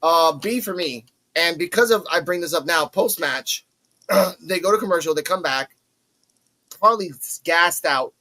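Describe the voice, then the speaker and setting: A man hosting a casual wrestling review podcast, talking in an animated way and acting out the wrestlers' lines. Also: a little high, a little slow, low-quality recording. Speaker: podcast host.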